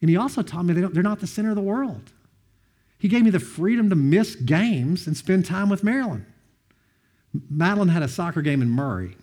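A man sharing a personal testimony, earnest and heartfelt, often quoting others with lively bursts of emphasis. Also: high-pitched, a little fast. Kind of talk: heartfelt storytelling talk.

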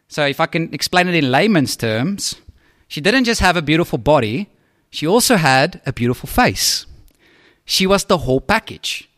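A man's voice: a little high, big pitch swings, moderate pace, fairly bright tone, no room sound, clean studio sound. A man preaching as a pastor, talking conversationally and often checking in with the congregation. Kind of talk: sermon.

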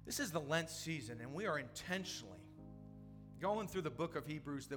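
A middle-aged man, a pastor, preaching a sermon, moving from hushed storytelling to loud, impassioned preaching. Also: a little high, animated, a little fast, soft background music.

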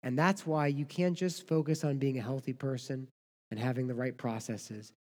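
A man's voice: medium pitch, moderate pace. Man preaching in a reverberant hall. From United States. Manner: animated preaching, swings from loud to hushed. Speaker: pastor. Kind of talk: sermon.

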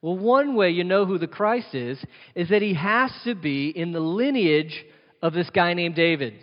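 A man's voice: high voice, lively intonation, moderate pace. A man preaching a sermon as pastor, using rhetorical questions and emphatic repetition. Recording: dull sound with long reverb of a hall.

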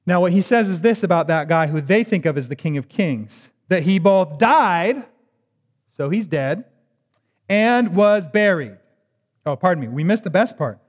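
A man's voice: on the high side, animated, a little fast, hardly any pauses, darkish tone. A man preaching a sermon, reading scripture and explaining it in a conversational, emphatic way with joking asides. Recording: reverberant hall.

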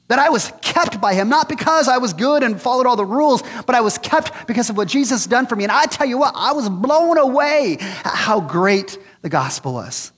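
A man's voice: very high-pitched, fairly bright tone, slightly rough, big-room sound. A man in his forties preaching a conversational sermon, earnest with jokes and frequent restarts.

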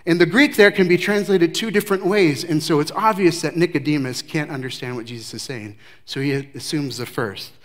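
A man preaching a sermon verse by verse, emphatic, with his voice swinging from loud declarations to hushed remarks. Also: on the high side, fairly quick, few pauses. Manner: emphatic, varies loudness widely, drops to hushed tones. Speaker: pastor. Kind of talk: expository sermon.

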